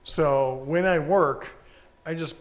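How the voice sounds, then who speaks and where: A man's voice: a little high, slow. A man co-hosting a casual live-stream podcast, rambling easily and reading viewer comments aloud.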